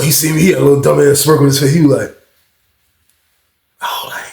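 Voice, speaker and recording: A young man telling a casual storytime, animated and slang-heavy, swearing freely. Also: fairly high pitch, fast talker, gravelly, long pauses, reverberant.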